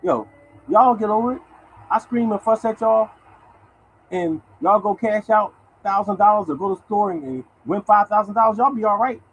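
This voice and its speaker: A man's voice: sits high, moderate pace, muffled recording, a little hiss or hum. Blunt older man talking to y'all. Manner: animated, blunt, swearing, addresses audience as y'all. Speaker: lottery show host. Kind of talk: casual monologue to viewers.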